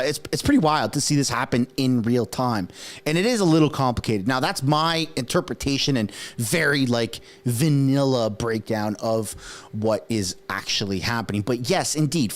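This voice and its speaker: A man whose first language is French, giving casual political commentary in an animated, conversational way with frequent rhetorical asides. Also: medium pitch. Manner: acts out quoted speech in put-on voices.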